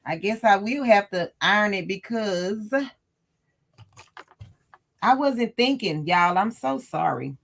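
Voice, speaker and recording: A woman's voice: mid-range voice, lively intonation, slow, gravelly, long pauses, a bit bright. A woman hosting a casual livestream sewing lesson, chatty and laughing often as she talks to her live chat. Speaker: sewing tutorial host.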